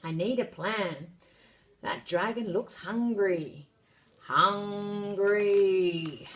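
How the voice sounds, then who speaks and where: A woman's voice: mid-range voice, extremely slow. A woman voicing a brave, bossy little girl princess in a children's storybook. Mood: determined. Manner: bright, determined.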